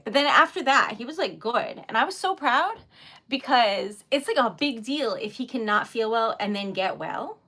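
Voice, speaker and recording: A woman's voice: on the high side, fairly bright tone. A young woman from New England chatting casually on a livestream while crafting, jet lagged, giggling often and rambling through stories. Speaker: livestream host making wax stickers.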